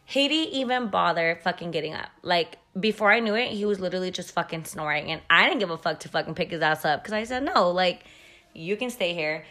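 A woman in her thirties hosts a casual podcast from home, talking in a fairly low voice. She tells her story bluntly, swearing freely and scattering "like" through every sentence. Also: lively intonation, fast talker, hardly any pauses, bright, forceful tone. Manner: blunt, profane and chatty, with frequent "like" fillers. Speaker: podcast host.

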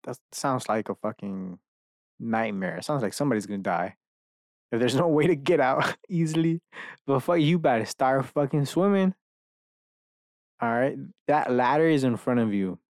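This is a solo podcast rant recorded in a bedroom, where the host drifts between ideas, swears a lot, and pokes fun at himself. He speaks at a moderate pace in a medium-pitched, slightly mellow voice. The recording is dry and studio-clean.

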